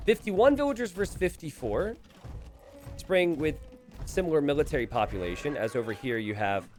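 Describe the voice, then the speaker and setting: A man commentating a recorded strategy game match, animated and chuckling, calling out to the players. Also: on the high side.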